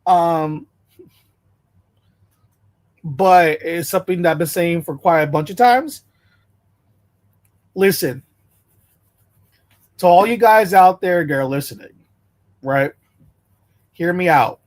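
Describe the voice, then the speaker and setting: A man's voice: a little high, slow, long pauses. Blunt, ranting American man. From United States. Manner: blunt, confrontational, repeats himself for emphasis. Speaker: commentator reacting to a video. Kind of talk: heated casual rant.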